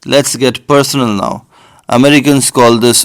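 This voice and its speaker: A man with an Indian accent talks through word pronunciations in a playful, explainer style. His delivery is wry and teasing, at a middle pitch. The sound is close and dry. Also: steady tone, normal speed, no room sound. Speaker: video host.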